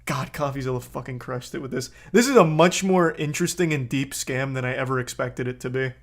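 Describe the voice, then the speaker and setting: A man's voice: mid-range voice, a little fast. A man streaming live, reacting to a video with blunt, profane commentary that gets heated.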